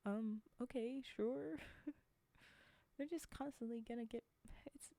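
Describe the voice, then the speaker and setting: A woman reads a fairy tale aloud on a live stream, pausing often to laugh and chat with her viewers. Her voice is fairly high yet mellow and soft. The close microphone sounds dry, with no room echo. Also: gravelly. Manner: chatty asides to chat, frequent laughs. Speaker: storyteller streamer.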